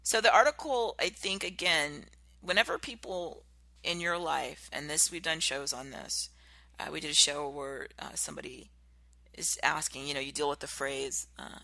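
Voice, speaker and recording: A podcast host giving an animated motivational talk, acting out contrasting example voices. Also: mid-range voice, normal speed, creaky, dry recording.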